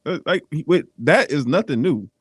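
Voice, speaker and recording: A man co-hosting a casual podcast chat, animated and slangy, acting out quotes. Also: fairly high pitch, moderate pace, breathy edge, no room sound, studio quality. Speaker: co-host.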